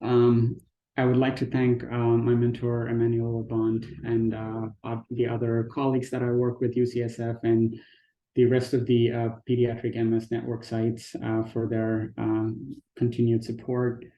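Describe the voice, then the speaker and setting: A man giving an academic research presentation at a conference, pausing often on fillers and restarting phrases. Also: mid-range voice, monotone, roomy sound, highs cut off. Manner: hesitant, frequent fillers and restarts. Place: conference talk, recorded remotely.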